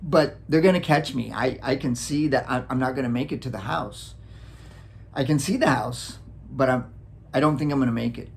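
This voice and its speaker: A man from Wisconsin casually telling a childhood story, animated, acting out sounds and chuckling often. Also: medium pitch, normal speed, creaky, slight background noise. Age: adult, looking back on childhood. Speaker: vlogger.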